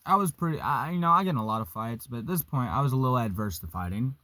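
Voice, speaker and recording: A young man casually telling a story, profane and animated, vaping as he talks. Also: mid-range voice, fast, no echo. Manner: vaping while talking.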